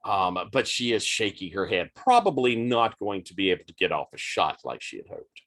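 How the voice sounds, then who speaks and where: A man narrating as game master of a tabletop game, unhurried, with frequent ums and uhs. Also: fairly low pitch, sing-song, fairly bright tone.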